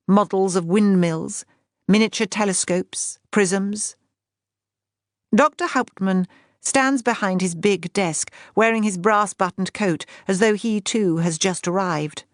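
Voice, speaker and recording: Here a medium-pitched woman reads an audiobook evenly and in a measured way, recorded at studio quality without any room sound.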